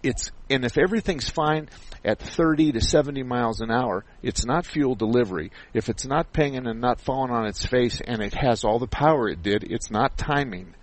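A man's voice: mid-range voice, normal speed, hardly any pauses, rough recording. A man hosting a call-in radio show about car repair, explaining things step by step in a folksy way. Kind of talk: call-in radio advice chat.

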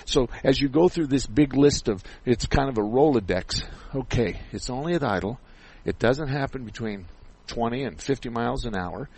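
A man's voice: medium pitch, lively intonation, moderate pace, few pauses, a little mellow, breathy edge, poor audio. A man hosting a call-in radio show about car repair, explaining things step by step in a folksy way. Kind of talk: call-in radio advice chat.

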